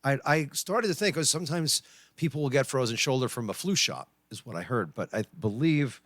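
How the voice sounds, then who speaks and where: A man's voice: mid-range voice, lively intonation, fairly quick, a bit bright, no room sound. A man in his forties hosting a live stream, chatting casually with viewers, reading their messages aloud and cracking puns. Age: 40s. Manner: chatty, reads out chat, joking puns. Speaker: livestream host and pianist.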